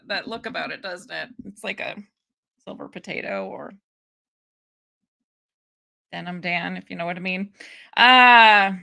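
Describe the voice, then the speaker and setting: A young woman from Ohio with a medium-pitched voice and vocal fry streams live political commentary on a hearing. She's chatty and laughing, tossing in animated asides.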